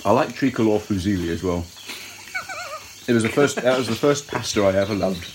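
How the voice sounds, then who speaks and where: A man's voice: fairly low pitch, lively intonation, brisk, background noise. A man co-hosting a podcast in casual chat, with dry, wry banter. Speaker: podcast co-host. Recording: faint jungle ambience of crickets and insects.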